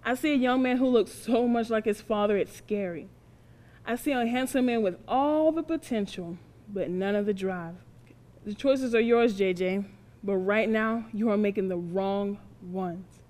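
A woman's voice: mid-range voice, unhurried, darkish tone, close to an everyday voice. An actress playing a stern but loving mother who scolds her teenage son in plain, colloquial speech. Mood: stern scolding. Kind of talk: drama acting.

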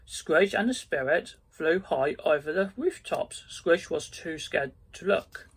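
Storybook reader: a man, slightly high, slow careful delivery. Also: animated, husky. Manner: slow, careful reading with small slips. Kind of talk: reading a storybook aloud.

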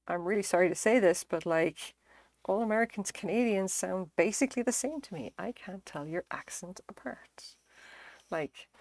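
A woman's voice: lowish voice, vocal fry, a little mellow, no room sound. A woman chatting casually on a live stream, rambling and self-deprecating, swearing freely as she talks. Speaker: livestreamer. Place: home craft stream setup.

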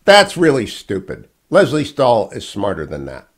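A man's voice: medium pitch, huge pitch swings, measured pace, husky. An older man hosting a political talk radio show, lecturing emphatically and repeating his key points. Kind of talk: opinionated political monologue.

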